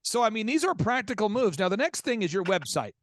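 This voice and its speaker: Lively high-voiced male podcast host. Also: fast talker, dry recording, studio quality. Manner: energetic, acts out both sides of conversations. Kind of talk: animated storytelling.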